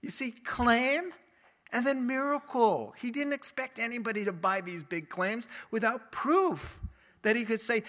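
High, bright-voiced preacher, animated. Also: male voice, a little slow. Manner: animated, acts out the quotes he tells; conversational, plain-spoken. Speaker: pastor. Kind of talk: sermon.

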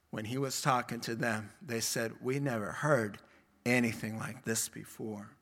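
Guy preaching a sermon, slow and bright, acts out the bible stories. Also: a little high. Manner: animated storytelling with acted quotes and laughs.

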